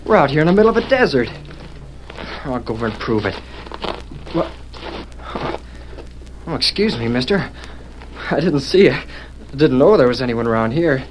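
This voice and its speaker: Plucky young cowboy, man acting, bright lively voice jumping high, hissy old broadcast. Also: normal speed, pauses often, lightly acted. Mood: excited. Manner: excited, talking to his horse. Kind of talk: 1940s radio acting. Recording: noisy 1940s radio broadcast.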